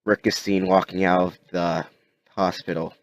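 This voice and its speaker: A man narrating an improvised story in a halting way, with many restarts. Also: low voice, flat delivery, dry recording. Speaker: amateur narrator.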